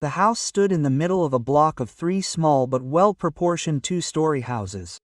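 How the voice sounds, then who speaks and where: A male storyteller reads a period detective tale with even, measured delivery. His voice sits slightly high and comes from a step away from the microphone, in a dry room with no echo. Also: distant mic. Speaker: narrator. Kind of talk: scripted audiobook narration.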